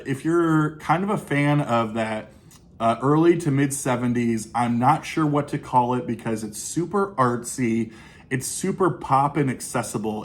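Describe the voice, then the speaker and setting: A man casually talking through his recent record purchases, enthusiastic and rambling, with lots of fillers and restarts. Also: mid-range voice. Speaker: vinyl collecting YouTuber. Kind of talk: casual record haul review.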